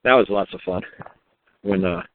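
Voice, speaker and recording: Man, casual storytelling monologue, animated, swears, does the voices of others, tinny phone audio. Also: on the low side, moderate pace, vocal fry. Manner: animated, acts out the people in his stories; swears freely. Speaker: talk show guest speaker.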